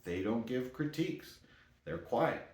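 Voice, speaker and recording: A man's voice: mid-range voice, lively intonation, a little slow, darkish tone. A man giving a casual motivational talk, rambling and correcting himself as he goes. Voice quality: talks in loose, rambling sentences with self-corrections. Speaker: motivational speaker. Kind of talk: casual monologue. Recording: echoey room.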